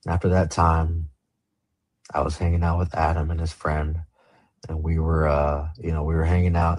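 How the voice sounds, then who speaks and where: A man's voice: sits low, slightly rough, dry recording. A man from the Los Angeles area, a podcast guest telling his story in casual, slang-heavy, profane talk. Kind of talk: storytelling interview.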